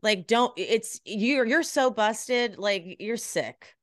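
A woman's voice: on the high side, expressive, slow, no echo. Blunt exasperated woman guest, dry sound. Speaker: podcast guest. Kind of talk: casual reality TV recap chat.

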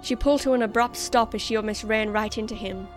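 A woman reading a story aloud as narrator in a measured, expressive way. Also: a little high, faint music behind. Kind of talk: scripted narration.

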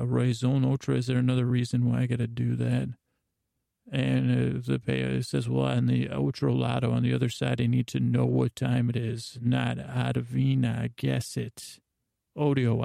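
A man hosting a sleep podcast, telling a meandering bedtime story slowly and dropping in Spanish words that he translates. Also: medium pitch, gravelly, dark tone, dry recording, studio quality.

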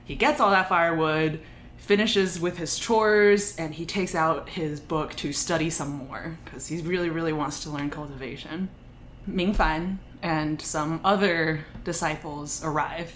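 Brief: lower-voiced woman host, animated story recap, echoey room. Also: unhurried. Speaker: podcast host. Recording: echoey room, faint noise.

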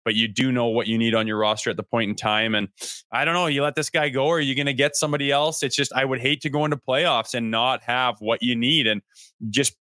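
Bright-voiced man chatting hockey. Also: medium pitch, fast, dry recording. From Canada. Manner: loose, swearing, storytelling with animated quoted voices. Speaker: podcast co-host. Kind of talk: casual sports podcast chat.

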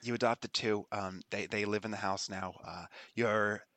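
Bright, dry-voiced man running a game. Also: fairly low pitch, steady tone, moderate pace, no room sound. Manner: rambling, laughing, self-correcting. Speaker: game master. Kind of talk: casual tabletop game narration.

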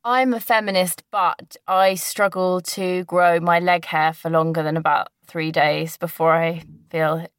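A woman co-hosting a podcast in casual comedic chat over a video call, backing up her partner with quick agreement and reactions. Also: lowish voice, steady tone, smooth, dry recording, studio quality. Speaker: podcast co-host.

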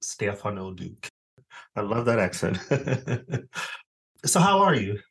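A man hosting a podcast, reading a scripted welcome and then asking his guest questions in a relaxed way with easy laughter. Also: medium pitch, slow pace, husky. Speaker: podcast host. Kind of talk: podcast interview.

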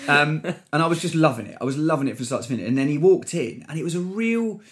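Comedian telling a story. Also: male voice, on the high side, fast. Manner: animated storyteller, trailing off and restarting. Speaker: comedian and impressionist, guest. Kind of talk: casual anecdote-telling in conversation.

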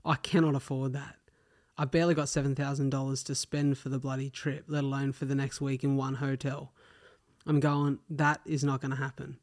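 A man's voice: mid-range voice, flat delivery, fairly quick, darkish tone. Aussie bloke rambling through a story on his podcast, slangy and loose, swears a bit. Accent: Australian. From Australia. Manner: chatty, slangy, swears casually. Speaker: podcast host.

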